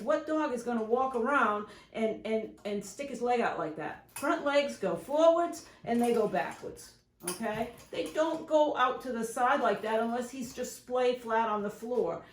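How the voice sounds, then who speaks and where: A woman who is a professional dog groomer and shop owner, giving chatty, rambling how-to advice in a grooming salon. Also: on the high side. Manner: chatty and rambling, often acting out examples. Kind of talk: casual instructional talk to camera. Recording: echoey room.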